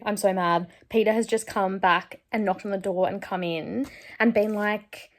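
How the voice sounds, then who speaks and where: Woman vlogger, casual and chatty, gets emotional reacting to a book, mid-pitched voice. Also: normal speed. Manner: chatty, emotional, reads passages aloud. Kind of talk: casual reading vlog.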